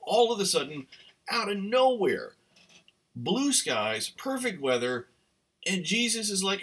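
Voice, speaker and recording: Talk host: rambling male storyteller, tense bright tone, set back from the mic. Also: sits high, very animated, unhurried, breathy edge, far from the mic. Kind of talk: casual commentary monologue.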